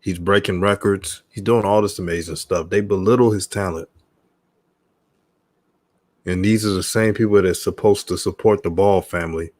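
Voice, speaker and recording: Deep-voiced man asking questions. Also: steady tone, moderate pace, a little mellow, dry recording. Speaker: show host. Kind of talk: interview question.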